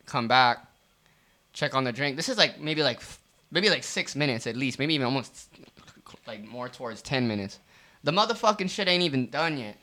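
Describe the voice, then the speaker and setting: A man co-hosting a podcast, telling a profane, animated story about his restaurant job with lots of fillers. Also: medium pitch, moderate pace. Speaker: podcast co-host. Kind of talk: casual storytelling rant.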